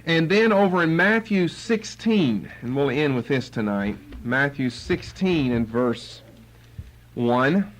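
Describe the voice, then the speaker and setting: A man's voice: on the high side, slow, poor audio. A man teaching the Bible verse by verse, acting out the quotes with sarcasm. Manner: animated, acts out quotes with sarcasm.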